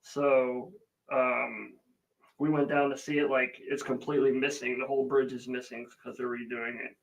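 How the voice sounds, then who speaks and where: A man hosts a casual livestream, rambling through a family story full of fillers and greeting viewers by name. His mid-range, creaky voice stays level at a moderate pace, and the recording quality is low.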